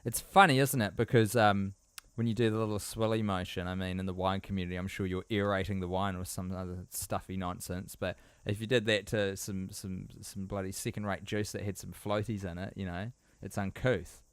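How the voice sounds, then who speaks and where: A man's voice: low-pitched, little pitch movement, brisk, few pauses, clear, resonant tone, dry recording. A man co-hosting a podcast, playing along as a mock-serious interviewer. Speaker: podcast co-host. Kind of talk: casual podcast banter.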